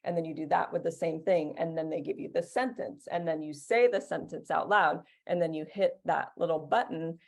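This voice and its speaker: Low gravelly woman, teacher type, chatty with lots of um and like. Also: fairly even intonation, moderate pace, hardly any pauses. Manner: chatty, many fillers and restarts. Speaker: Italian teacher, guest. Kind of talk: casual interview answers.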